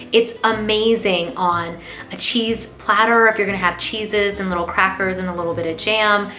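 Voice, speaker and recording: A woman hosting a lifestyle gift-guide vlog, gushing with enthusiasm and chatting warmly to her viewers. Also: medium pitch. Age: adult parent. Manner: gushing and enthusiastic, lots of "oh my gosh"; warm, talks straight to viewers as "you guys". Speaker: lifestyle channel host.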